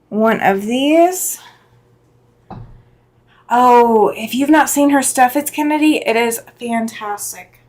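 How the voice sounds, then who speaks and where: Woman, middle-aged, slightly high voice, slow unhurried talk, casual quilting stream chat, reads comments aloud. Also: low-quality recording. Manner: chatty, reads viewer comments aloud, thinks aloud while working. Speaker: quilting channel host.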